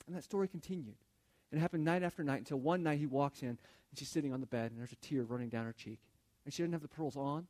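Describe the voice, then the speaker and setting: Speaking fast in a slightly high, darkish voice, a male pastor delivers a conversational sermon, telling a story and repeating words frequently as he builds toward his point.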